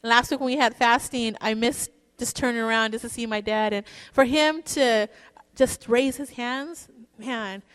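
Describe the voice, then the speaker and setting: A woman's voice: a little high, moderate pace, fairly bright tone, clean tone. A woman giving a casual, joking eulogy for her father at a church service, telling stories in a chatty way. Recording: long reverb in a church hall.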